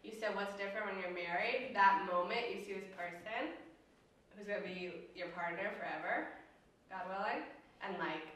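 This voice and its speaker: A woman talking about her wedding in a casual chat, halting and searching for words. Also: mid-range voice, a bit bright. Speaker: interviewed bride. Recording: echoey room, mic far off.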